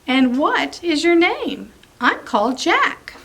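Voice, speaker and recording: A small, tired boy from a picture book as a woman plays him speaks softly and earnestly. His voice sits fairly high and moves slowly through each line. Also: big pitch swings, gravelly, heavily acted. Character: small tired young boy, sweet and sincere.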